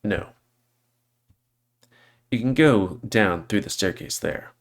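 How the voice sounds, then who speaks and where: A man voicing a gruff male tiger worker who brushes people off. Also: lowish voice, slow pace. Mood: curt. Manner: curt and dismissive.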